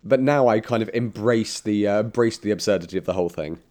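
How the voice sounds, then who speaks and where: Low-pitched man co-host, thoughtful, self-deprecating film chat. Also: quick pace, darkish tone. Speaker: podcast co-host. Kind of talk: casual film-discussion chat.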